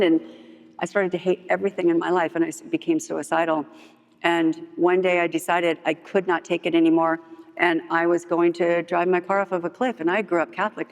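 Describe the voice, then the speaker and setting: Gravelly woman telling her story in a hall. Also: on the low side. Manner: animated storytelling, acts out quotes. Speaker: speaker at a recovery meeting. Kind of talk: personal story told to a group. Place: meeting hall. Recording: long reverb of a hall.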